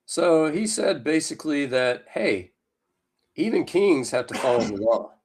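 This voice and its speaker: A man's voice: a little high, expressive, unhurried, darkish tone, breathy edge. A man co-hosting a podcast in casual chat, rambling and full of fillers, with a Southern US accent. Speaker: podcast co-host.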